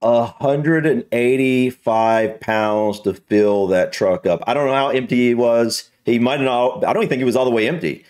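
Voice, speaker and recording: An American man reacting to a video in a casual, halting way, thinking aloud with fillers and restarts. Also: mid-range voice, darkish tone. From United States.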